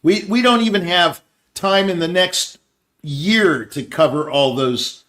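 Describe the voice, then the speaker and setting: A man's voice: sits high, slow pace, fairly bright tone. Older man musing in rambling talk. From Scottsdale, Arizona area. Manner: rambling, restarts, quotes others in put-on voices. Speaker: show host. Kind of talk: casual conversation.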